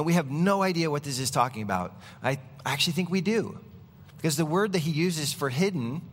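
A man's voice: medium pitch, fairly bright tone, big-room sound. A man preaching a sermon as pastor, in a conversational, emphatic way. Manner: conversational, emphatic preaching with object-lesson props.

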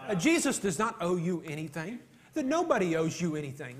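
A man's voice: sits high, sing-song, a little fast. A man preaching an earnest sermon, emphatic and given to repeating himself.

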